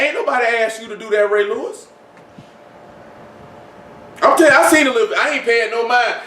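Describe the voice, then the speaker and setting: A man's voice: high voice, fairly bright tone. A man preaching an informal sermon, talking conversationally with many rhetorical questions and repeated phrases. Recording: echoey room, mic far off.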